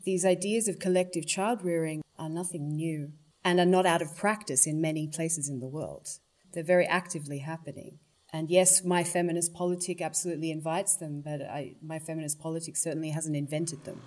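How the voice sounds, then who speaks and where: A woman's voice: low voice, steady tone, fairly quick, darkish tone. A woman, speaking thoughtfully and earnestly in a personal interview. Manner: thoughtful, earnest, politically articulate.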